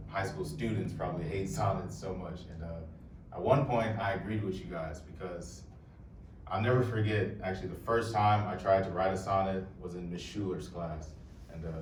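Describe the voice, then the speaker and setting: Deep-voiced young man talking to a live crowd. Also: a little hiss or hum. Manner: casual, joking, addresses the crowd. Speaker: poet and presenter. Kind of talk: live talk to an audience. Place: room with a live audience. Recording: echoey room, voice heard from far off.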